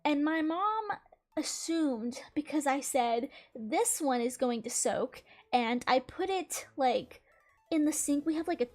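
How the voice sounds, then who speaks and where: A woman's voice: high voice, animated, unhurried, a little mellow, soft background music. A young woman with a Southern US accent, chatting casually as a channel host and rambling through a story with lots of "like" fillers. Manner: rambling, heavy use of "like" fillers.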